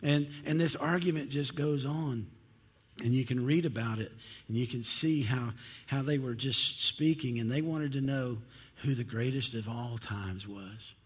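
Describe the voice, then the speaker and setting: Husky folksy preacher in a hall. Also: male voice, medium pitch, a little slow. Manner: folksy storytelling, acts out disciples' voices. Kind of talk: sermon.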